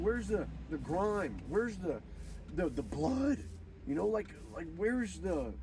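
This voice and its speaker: A young man hosting a gaming video, giving a preachy, profane, rambling casual monologue. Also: a little high. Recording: distant mic with clear background noise.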